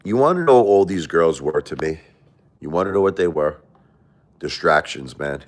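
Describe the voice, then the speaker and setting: This livestream host, a middle-aged man whose voice is extremely low and deep, talks animatedly at a moderate pace to his viewers. The confessional monologue meanders, with phrases repeated as he returns to earlier points.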